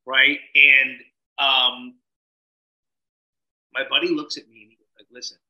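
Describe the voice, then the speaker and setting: A man appears as a podcast guest, animatedly telling a story, acting out quotes and cursing casually. His pitch is medium, and the audio is poor, recorded in an echoey room.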